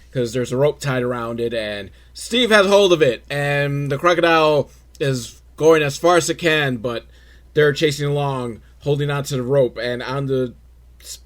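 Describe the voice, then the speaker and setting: A male podcast host recapping a movie with crude, rambling, self-mocking humor. His voice sits a bit high and swings widely in pitch, jumping into sudden loud outbursts. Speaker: podcast host reviewing a film. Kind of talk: casual comedic film recap.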